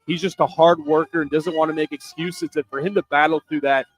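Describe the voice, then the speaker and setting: Sports radio cohost guy, kinda high voice, steady earnest news rundown. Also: brisk, poor audio. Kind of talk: reading sports news segment.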